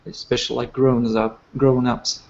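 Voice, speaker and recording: A man's voice: medium pitch, little pitch movement, moderate pace, gravelly, darkish tone, roomy sound. A man student in an online English class, giving his opinions in a plain, slightly hesitant way. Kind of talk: class discussion. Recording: dull lo-fi call audio.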